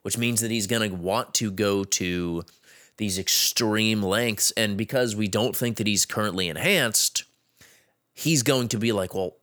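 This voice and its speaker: Low male voice, casual co-host, halting with restarts. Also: fairly bright tone. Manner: halting, many restarts and ums. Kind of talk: casual chat.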